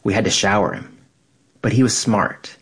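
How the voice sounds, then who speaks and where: Low-voiced man reading his essay. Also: slightly rough. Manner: calm, measured, reflective.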